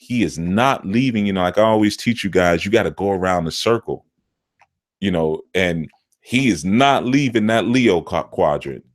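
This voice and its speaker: A middle-aged man with a fairly low voice teaches through rambling, casual stories. He acts out the people he quotes, jumping far up in pitch. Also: normal speed. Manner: animated, jumps into quoted voices with big pitch swings. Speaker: spiritual teacher. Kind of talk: casual storytelling talk.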